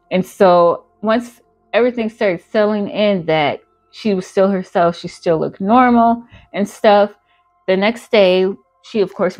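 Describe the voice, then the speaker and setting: A woman telling a storytime in a casual, chatty way, full of fillers. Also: medium pitch. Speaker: channel host.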